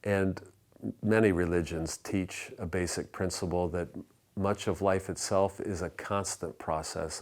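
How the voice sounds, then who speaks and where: A low-pitched man preaching from the pulpit of a church. He speaks in a measured, reflective way, and his voice sinks almost to a whisper on the sayings he repeats. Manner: measured preaching with soft, hushed repeated refrains. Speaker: pastor. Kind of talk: sermon. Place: church sanctuary.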